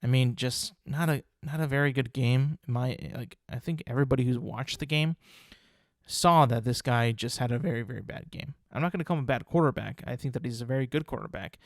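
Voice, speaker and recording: A man's voice: mid-range voice, fairly quick, dry recording, studio quality. A man hosting his own podcast, chatting casually and rambling about football results with strong opinions and lots of fillers. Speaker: podcast host. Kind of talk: casual sports chat.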